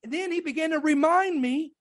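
High-voiced woman preaching a fervent testimony. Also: brisk. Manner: fervent, emphatic preaching with call-outs to the congregation. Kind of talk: sermon testimony.

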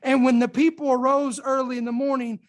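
A woman's voice: high-pitched, little pitch movement, fairly quick. A woman preacher delivering a fervent sermon, calling out to her congregation for responses.

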